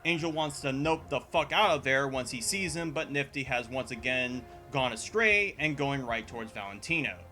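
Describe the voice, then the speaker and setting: A man delivering scripted commentary as a video essayist, sarcastic and profane, with sudden exasperated jumps in pitch. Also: lively intonation, moderate pace, few pauses, sharp tone, soft background music. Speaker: video essayist reviewing a show.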